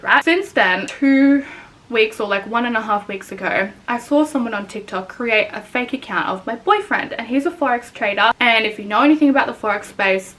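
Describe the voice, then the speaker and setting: A young woman rants straight to camera in a candid vlog, her voice sitting a little high. She swears freely and keeps flaring into loud, exasperated outbursts. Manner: frustrated, swearing often, swings into loud outbursts. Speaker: content creator.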